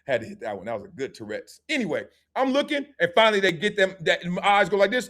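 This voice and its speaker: A middle-aged man hosts a live sports talk stream with a high voice that swoops all over the place. He jokes, uses street slang and acts out scenes as he talks. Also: very animated, fast, fairly bright tone. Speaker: host.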